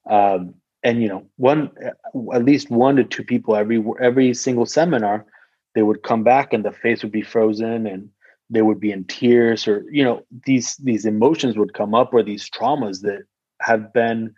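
A man's voice: fairly low pitch, fairly even intonation, normal speed, darkish tone, husky, no echo, dull audio. A man in casual podcast talk, telling a personal story in a rambling way, full of "like" and freely swearing.

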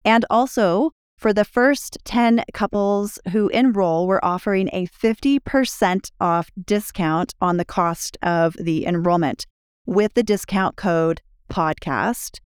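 A middle-aged woman co-hosting a podcast in casual chat, bright and playful, slipping into a promotional tone at times. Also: mid-range voice, slow, smooth, no echo, clean studio sound. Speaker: podcast co-host.

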